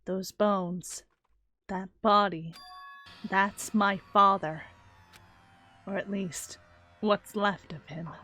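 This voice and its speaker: A woman voicing a cool, guarded teenage girl detective, speaking low, quiet and measured. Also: steady tone, heavily acted. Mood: calm, grave. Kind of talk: dramatic reading of game dialogue.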